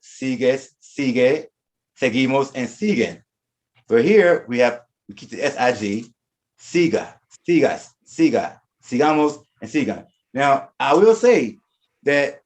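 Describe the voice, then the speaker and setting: A man's voice: mid-range voice, darkish tone. A man teaching a Spanish class, explaining verb forms and often repeating and restarting his words. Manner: reads out verb conjugations one by one. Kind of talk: classroom lesson.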